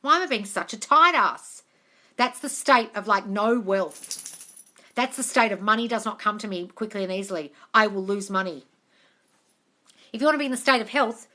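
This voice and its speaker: Aussie woman doing a live q&a on her phone, chatty, swears a bit, calls everyone darling, bright voice. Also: medium pitch. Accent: Australian. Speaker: manifestation coach. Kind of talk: live-stream Q&A chat.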